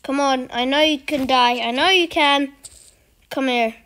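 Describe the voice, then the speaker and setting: A woman giving casual, excitable commentary while playing an online game, chatty and eager. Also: sits high, measured pace. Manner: chatty and excitable, urging opponents on. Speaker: gaming channel host.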